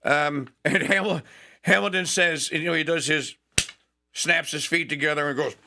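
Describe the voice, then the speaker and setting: A man's voice: a little high, fairly even intonation, normal speed, vocal fry, bright, forceful tone. A man hosting a talk show, telling a history story with enthusiasm, digressions and frequent restarts.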